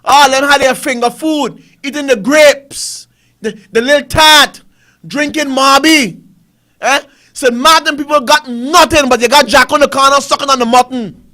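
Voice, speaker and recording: Male Caribbean talk host, very high bright voice, heated ranting commentary. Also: moderate pace. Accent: Caribbean English. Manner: ranting, repetitive, rhetorical questions. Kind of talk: fiery political commentary.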